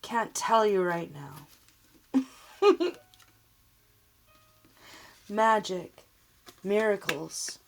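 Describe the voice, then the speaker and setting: A woman giving a tarot reading, speaking earnestly and emotionally straight to the viewer. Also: mid-range voice. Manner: slow, emotional, earnest, addressing the viewer directly. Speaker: tarot reader.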